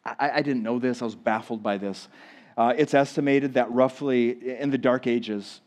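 A male pastor preaching a sermon to a church congregation, swinging from loud emphatic lines to hushed ones. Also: mid-range voice, fairly even intonation, normal speed. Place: church sanctuary.

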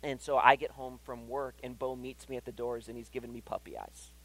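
A man's voice: medium pitch, steady tone, brisk, fairly bright tone, rough recording. A man preaching a sermon in a church, conversational and often asking "right?". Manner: conversational, keeps checking in with "right?". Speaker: pastor. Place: church hall.

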